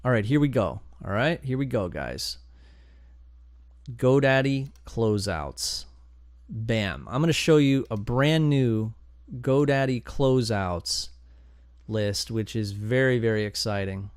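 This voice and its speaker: An excitable, chatty man narrates a live screen-share tutorial, thinking aloud as he goes. His voice sits in a middle range with a gravelly rasp. The sound is dry and close, with no room echo. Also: mid-range voice, a little slow. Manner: excitable and chatty, bursts of enthusiasm and groans. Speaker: domain investing channel host.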